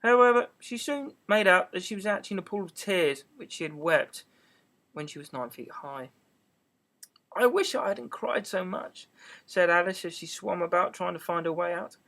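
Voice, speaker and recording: A man with a high voice reads a storybook aloud. He narrates at an even storytelling pace, now and then tripping over a word and correcting himself. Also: a little fast. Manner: steady storytelling with small stumbles. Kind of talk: amateur audiobook reading.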